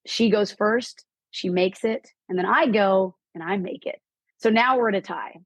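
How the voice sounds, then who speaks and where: A woman guest on a podcast telling a personal story, animated and quoting people in lively voices. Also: medium pitch, moderate pace, dry recording. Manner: animated, quotes herself and others in lively voices. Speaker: podcast guest, real estate investor. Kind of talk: storytelling in an interview.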